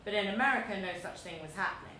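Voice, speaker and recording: A woman in her thirties from London with a London accent, reading her own essay aloud to an audience in a measured, deliberate, wry way. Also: medium pitch, lively intonation, pushed and bright. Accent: London English. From London, England. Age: 30s. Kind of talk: live reading of a personal essay. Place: large echoey museum event space. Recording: very echoey room, faint background noise.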